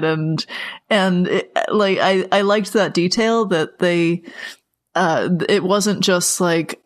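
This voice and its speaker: A woman's voice: mid-range voice, fairly even intonation, unhurried. A woman co-hosting a casual podcast chat, thoughtful, with many "like" fillers.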